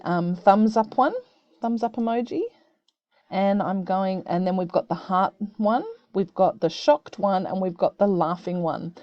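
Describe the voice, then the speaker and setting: A woman who teaches young students, explaining a video-call tool step by step in a gentle, encouraging way. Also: mid-range voice, no echo, muffled recording. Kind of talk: screen-recorded tutorial for children. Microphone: computer mic on a video call.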